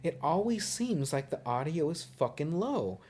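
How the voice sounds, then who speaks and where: A man's voice: on the high side, very animated, moderate pace, a little mellow. A young man co-hosting a movie podcast, rambling and swearing casually as he trails off and restarts his sentences. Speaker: podcast co-host.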